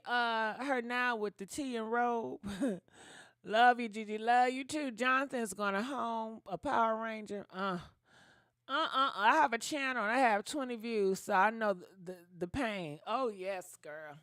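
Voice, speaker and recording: A woman's voice: fairly high pitch, measured pace, fairly bright tone, dry recording, studio quality. A young woman hosting a gossip livestream, chatting casually and dramatically with viewers and thanking donors. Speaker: gossip channel host.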